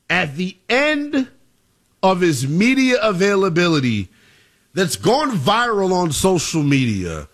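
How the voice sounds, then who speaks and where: A man hosting a sports talk radio show, excitable and emphatic as he talks to callers. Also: fairly high pitch.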